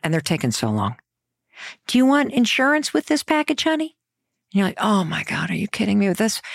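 A woman hosting a motivational talk, coaching listeners in an energetic way with lots of rhetorical questions. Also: mid-range voice, dry recording, studio quality.

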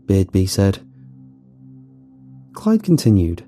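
A man's voice: on the low side, big pitch swings, normal speed, mellow, breathy edge, soft background music. A man narrating a first-person horror story in a wry, nervous storytelling manner.

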